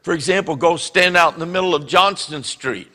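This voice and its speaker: A man preaching a sermon as pastor, animated and acting out the voices he quotes. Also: on the high side, brisk, in a large hall. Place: church sanctuary.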